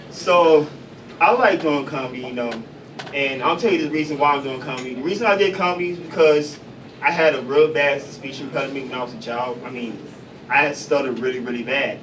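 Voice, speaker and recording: A man from Chicago doing stand-up comedy in a coffee house, loose and profane with deadpan punchlines. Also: fairly high pitch. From Chicago, USA. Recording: distant mic, noisy café room.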